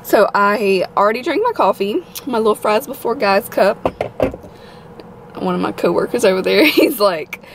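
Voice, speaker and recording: A woman vlogging casually into her phone, chatty and gushing with excitement. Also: mid-range voice, moderate pace, a little hiss or hum, low-quality recording. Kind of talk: casual vlog chat.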